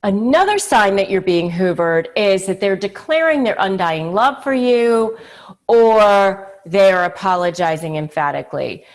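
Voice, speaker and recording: A woman's voice: medium pitch, lively intonation, unhurried. A woman hosting a talk video, explaining her topic in a conversational, emphatic way with frequent fillers and short acted-out quotes. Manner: acts out quoted pleading lines. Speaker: channel host. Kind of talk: direct-to-camera advice talk.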